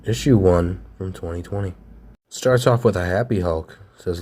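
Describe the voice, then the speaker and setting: A man with a very low voice walks through a comic issue in a relaxed, plainspoken way. He summarizes the panels casually and adds his own asides. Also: moderate pace, slightly rough. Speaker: comic reviewer.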